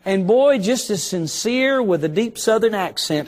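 A middle-aged male preacher delivering an evening sermon in a church, telling a story and slowing down to stress key phrases. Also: sits high, animated. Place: church sanctuary.

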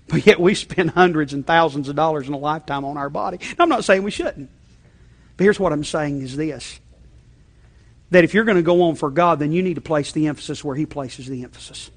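A male pastor delivers a sermon in a chatty, conversational manner, often checking in with his listeners. His voice sits high for a man, and he swings from loud emphasis to low, quiet asides, with frequent restarts.

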